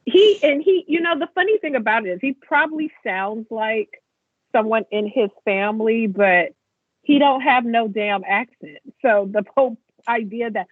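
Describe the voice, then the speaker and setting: A woman's voice: fairly high pitch, moderate pace, husky, dry recording. Sarcastic woman on a tinny phone line. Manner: sarcastic, opinionated. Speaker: podcast co-host. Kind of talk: casual wrestling chat.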